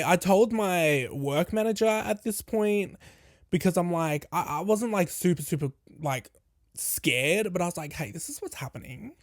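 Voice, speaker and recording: A man's voice: on the high side, no room sound, clean studio sound. Candid young man telling a storytime. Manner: candid, swearing, animated retelling with quoted dialogue. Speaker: podcast host. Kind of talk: casual storytime.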